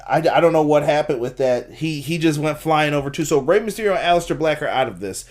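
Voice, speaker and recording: The wrestling review podcast host talks fast in a fairly high voice while live-streaming a casual breakdown of matches. Lively and expressive, he acts out quotes and responds to chat with laughter.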